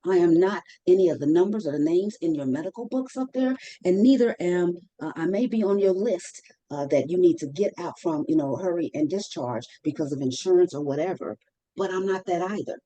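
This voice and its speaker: A woman's voice: on the low side, expressive, a little fast, mellow, dull audio. A woman telling her own mental health story as a guest, emphatic, repeating phrases for stress and acting out what she once said. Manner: acts out her own past words in dialogue. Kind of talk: personal testimony in conversation.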